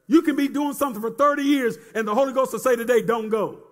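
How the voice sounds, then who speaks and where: A man with a very high voice delivers a sermon very fast in a chanting, rising-and-falling cadence, repeating phrases and calling on the congregation to respond.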